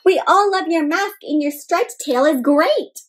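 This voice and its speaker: A woman voicing a kind, friendly male critter in a children's picture book, speaking in a gentle, encouraging way close to her own voice. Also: extremely high pitch, a little slow.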